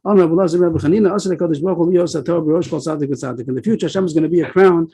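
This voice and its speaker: Fast-reading man teaching Talmud, husky. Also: fairly high pitch, mellow, poor audio. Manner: reads Aramaic text fast, then explains slowly with many pauses and fillers. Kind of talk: daf yomi class on a video call. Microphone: video call.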